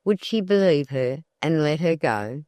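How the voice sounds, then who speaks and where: An audiobook narrator reads a classic novel in a measured, deliberate voice. The pace is unhurried and steady. The recording is close and dry, with no room around it. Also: mid-range voice, no room sound.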